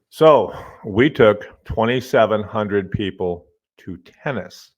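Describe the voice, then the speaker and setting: A middle-aged man, a college professor hosting his own podcast, telling casual stories in a lively way, swearing now and then and muttering to himself as he fiddles with his desk microphone. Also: fairly low pitch, takes it slowly, hardly any pauses. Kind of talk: casual storytelling monologue.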